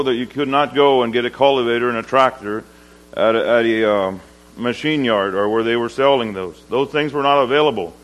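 A man preaches to a gathering in a livestock auction barn and tells his lesson as a plain, homespun story. He halts often, filling gaps with um's, and slows down on the words that matter. His voice sits at an ordinary pitch for a man. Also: a bit bright, rough recording. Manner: halting and homespun, with many pauses and um's, slowing down for weight. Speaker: lay preacher. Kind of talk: storytelling sermon.

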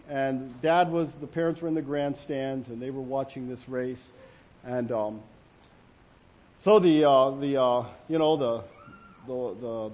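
A man preaching as a pastor in an earnest, halting way, with many restarts and fillers. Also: a little high, a little mellow. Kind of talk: sermon.

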